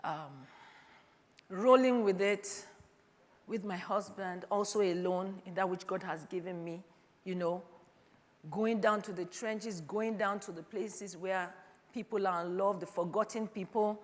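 A woman's voice: medium pitch, unhurried. Fifty-year-old woman preaching in a hall. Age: 50s. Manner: calls out "Hello?" to the congregation, swings from loud to quiet. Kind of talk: sermon. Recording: long hall reverb.

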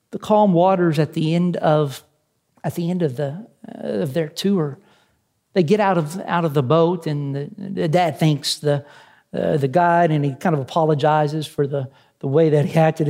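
A man preaching, telling a story as a sermon illustration, halting often with restarts and fillers. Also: a little high, darkish tone.

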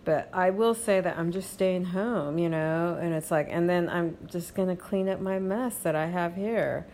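A woman with a fairly low voice talks through a loose, rambling monologue at home, full of fillers and little "okay?" check-ins to the listener. Faint hiss sits under her voice. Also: moderate pace, a little mellow. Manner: rambling, frequent fillers, reassuring asides with "okay?". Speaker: podcast host. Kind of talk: casual monologue.

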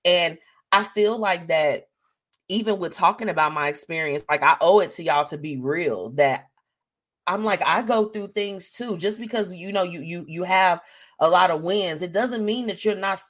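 A woman's voice: lowish voice, moderate pace, fairly bright tone. A woman hosting a live show, talking candidly and emotionally to her listeners and calling them y'all. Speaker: host.

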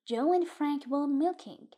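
A woman narrating a literary short story in a calm, measured audiobook reading. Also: sits high.

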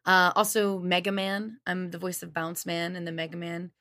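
A woman's voice: on the low side, level tone, moderate pace, pushed and bright. Chatty, upbeat woman voice actor. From Louisiana, USA. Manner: upbeat and chatty, laughs easily. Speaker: voice actor guest. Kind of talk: casual podcast chat.

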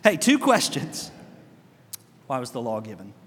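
A man pastor preaching a sermon in a church, animated, asking his congregation rhetorical questions. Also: medium pitch, unhurried, long reverb tail.

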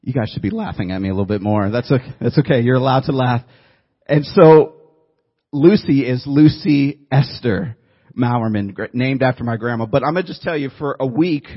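Man, pastor, husky voice, chatty storytelling sermon, muffled lo-fi recording. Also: medium pitch. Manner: conversational storytelling, joking with the audience. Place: church room before a congregation.

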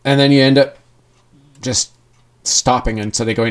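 A man's voice: mid-range voice, steady tone, a little fast. A man speaking candidly in a personal monologue, earnest and rambling, often restarting his sentences.

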